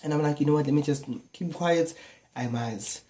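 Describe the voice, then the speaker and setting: Young South African guy, storytime vlogger, casual and animated, tosses in slang fillers. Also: a little high, normal speed. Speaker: YouTuber. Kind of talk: storytime vlog.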